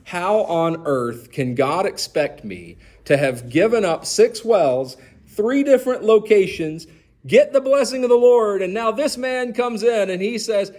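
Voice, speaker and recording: A man leading a church Bible study, animated and asking the group questions. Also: sits high, unhurried. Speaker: pastor.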